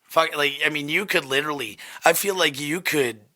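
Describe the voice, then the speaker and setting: Hoarse, bright-toned man hosting a podcast. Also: fairly high pitch, moderate pace, no echo, studio quality. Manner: rambling, swears freely, many restarts. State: voice worn out. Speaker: podcast host. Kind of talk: casual chat.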